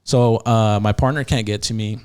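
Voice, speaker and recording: A man's voice: lowish voice, normal speed, clear, resonant tone. A man, a podcast guest and former prison yard officer, telling a story casually with lots of fillers and restarts and acting out quotes. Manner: animated, acts out quotes, many fillers and restarts.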